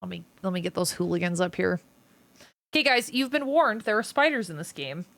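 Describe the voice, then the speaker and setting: A woman's voice: on the low side, expressive, a little fast, creaky, a bit bright. A woman livestreaming and chatting casually with her viewers, playful and teasing as she jokes around. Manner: playful, teasing, joking with chat. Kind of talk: casual live-stream chat.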